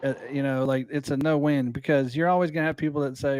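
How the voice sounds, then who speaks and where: A man's voice: medium pitch, fairly even intonation, fast, few pauses, a little mellow, dry recording, rough recording. A man co-hosting a casual live stream, reasoning things through in an easygoing way with many fillers.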